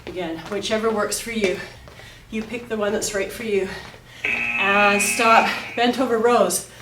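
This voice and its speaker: A woman fitness instructor coaching a follow-along home workout, cueing each move as she exercises and getting breathy between sets. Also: mid-range voice, animated, unhurried, recorded from a distance, background noise. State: out of breath at times. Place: home workout studio, indoors. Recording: echoey room, voice off-mic.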